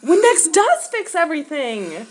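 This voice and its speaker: A woman's voice: very high voice, huge pitch swings, measured pace. A teenage girl in a casual home video, shrieking and laughing in panic. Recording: noisy home camera recording.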